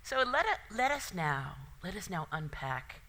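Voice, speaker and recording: A woman with a lower voice that swings widely in pitch and has a bright edge. She interviews her guest casually, winding through her questions and rephrasing them mid-sentence. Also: very animated, measured pace. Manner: rambling, self-correcting questions.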